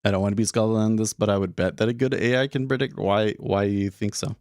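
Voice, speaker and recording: A man's voice: lowish voice, steady tone, fast talker, a little mellow, no echo, clean studio sound. A man hosting a day trading livestream, talking casually and thinking aloud with many restarts, a little out of breath. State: slightly out of breath. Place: small closed room.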